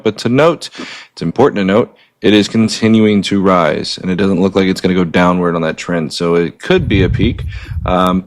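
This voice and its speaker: A man laying out statistics in a casual debate, hesitant with frequent fillers. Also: low-pitched. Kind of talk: reading figures in a debate.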